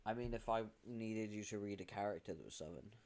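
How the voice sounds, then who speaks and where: British male streamer, lowish voice, dry sarcastic delivery. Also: a little mellow. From Britain. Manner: dry, sarcastic, quick asides. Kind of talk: casual stream chat.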